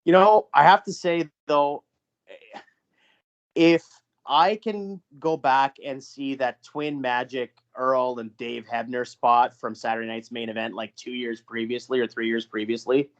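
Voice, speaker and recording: A man co-hosting a podcast, recounting a booked match in a halting way with frequent restarts. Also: mid-range voice, fairly even intonation, muffled recording. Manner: halting, many restarts and fillers. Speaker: podcast co-host. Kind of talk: casual podcast chat, narrating fantasy wrestling booking.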